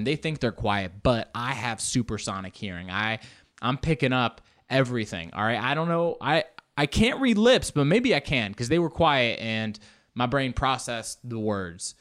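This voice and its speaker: A man hosting a podcast, telling a travel story in a rambling, animated way with sarcastic asides. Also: medium pitch. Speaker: podcast host. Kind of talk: comedic storytelling.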